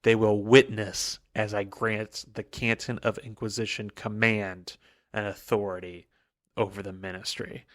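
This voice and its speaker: A man's voice: on the low side, level tone, measured pace, a bit bright. A man voicing an immortal tyrant emperor, cold and commanding, in a casual podcast retelling. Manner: casual paraphrase, barely a put-on voice.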